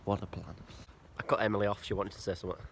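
A young adult student with a cold rambles casually to the camera he's holding, sitting in his bedroom in a student house and swearing freely. His fairly low voice is flat and very fast, with a little hiss or hum on the recording.

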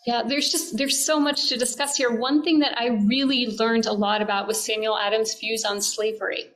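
A woman interviewer with a slightly high voice leads a conversation at a public event. She sounds enthusiastic and appreciative, offering frequent affirming murmurs between her questions. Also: little pitch movement, moderate pace, a bit bright, rough recording. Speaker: interviewer from a historical society.

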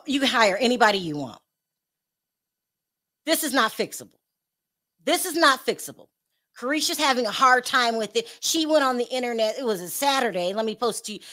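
A woman with a fairly high voice runs a celebrity gossip show. She talks bluntly and animatedly, often turning to speak straight to the stars she is discussing. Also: pushed and bright. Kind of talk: casual commentary to camera.

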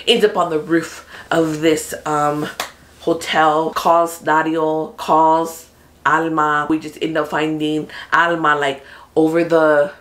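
Lady with a lowish voice doing a chatty show recap, gets really animated, swears a bunch. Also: slow pace. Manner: animated, chatty, swears freely, acts out quotes. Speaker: host of a TV recap channel. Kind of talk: casual spoilery show recap.

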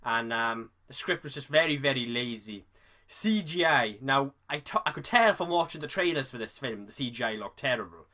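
A man giving a casual, rambling film review, often restarting his sentences and filling pauses with ums and uhs. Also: mid-range voice, lively intonation, bright, forceful tone. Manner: rambling, self-correcting, with many fillers. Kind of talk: casual spoken movie review.

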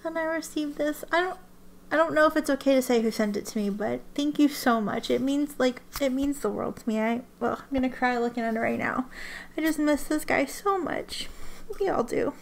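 A woman's voice: high-pitched, a little fast, gravelly. A woman chatting casually to camera in a rambling way, with many restarts and ums. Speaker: ink swatching vlogger.

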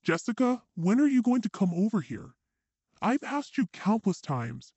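A man's voice: high voice, very animated, normal speed, darkish tone, husky, no room sound, muffled recording, voice pushed up, exaggerated voice. A man voicing a domineering, impatient husband who speaks in curt demands.

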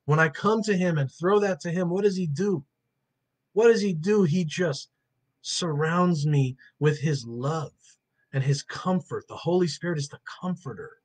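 A man teaching a Bible study and then praying, earnest and emotional, slowing down to lean on key words. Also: a little high, darkish tone.

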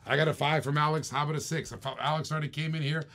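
A man hosting a live-streamed toy car auction, calling bids in quick repeated bursts with chatty asides to viewers. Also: on the high side, steady tone, fairly bright tone. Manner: rapid repetitive bid calling, chatty asides. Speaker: auctioneer host.

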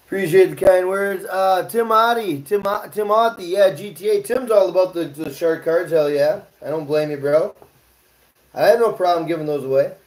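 A man's voice: high-pitched, moderate pace. Man, livestream host, casual cooking chat, swears freely, home kitchen, roomy echo. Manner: loose, joking, swears freely, talks to chat.

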